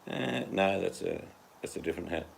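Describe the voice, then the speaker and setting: A man's voice: low voice, expressive, fairly quick, creaky, slight background noise. An Australian man in a casual, rambling monologue, joking and teasing with plenty of slang.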